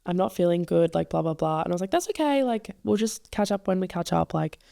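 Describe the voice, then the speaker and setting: A woman, a guest on a podcast, tells a story in chatty, casual talk. Her voice has gravelly vocal fry and a mellow, warm tone. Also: fairly low pitch, a little fast. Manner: chatty, filler-heavy storytelling. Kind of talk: casual chat.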